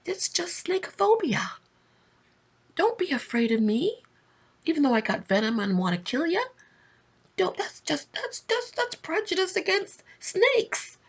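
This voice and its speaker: A woman voicing a sly snake that pretends to be harmless, in a high, wheedling, mock-innocent whine. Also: big pitch swings, a little slow, creaky, full character voice.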